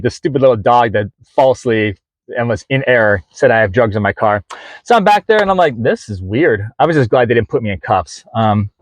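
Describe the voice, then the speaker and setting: A man's voice: medium pitch, dry recording. A man in his forties telling a story to camera in a casual vlog from inside his van, rambling with lots of fillers and restarts and acting out the conversations. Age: 40s. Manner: rambling, many fillers and restarts, acts out quoted dialogue. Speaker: vlogger.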